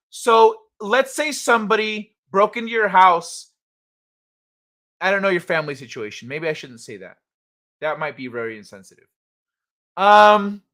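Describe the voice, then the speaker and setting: A man's voice: high-pitched, pushed and bright. A man hosting a casual livestream, reading chat and ranting in a heated, blunt, profane way.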